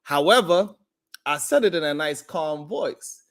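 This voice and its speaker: A man's voice: fairly high pitch, animated, a little slow, fairly bright tone. A man hosting a live stream, ranting in heated, profane reaction commentary.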